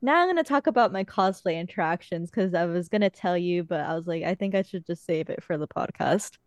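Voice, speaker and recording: Young woman gabbing on a podcast, smooth clear voice, dry close sound, swears now and then. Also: lowish voice, expressive, brisk, no room sound. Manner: chatty storytelling, frequent swearing. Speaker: podcast host. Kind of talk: casual chat.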